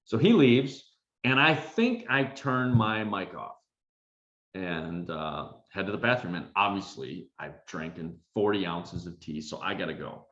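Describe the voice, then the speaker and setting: A middle-aged man, a confidence coach, telling a self-deprecating story in an animated way with many fillers. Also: low-pitched, a little slow. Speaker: confidence coach and keynote speaker. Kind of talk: storytelling talk. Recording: roomy, dull recording.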